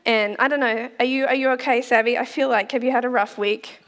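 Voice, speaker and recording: A woman's voice: a little high, fairly even intonation, a little fast, a bit bright. A woman in her forties preaching a sermon in a chatty, playful way, laughing often. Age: 40s. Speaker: pastor. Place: church auditorium. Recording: long reverb of a hall.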